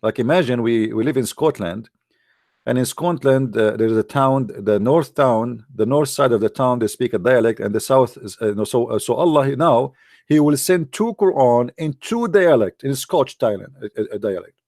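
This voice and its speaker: A man's voice: medium pitch, animated, normal speed, darkish tone, no echo, clean studio sound. A man hosting a live stream, arguing emphatically and scornfully in non-native English, repeating words for effect. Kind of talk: argumentative commentary to a live chat.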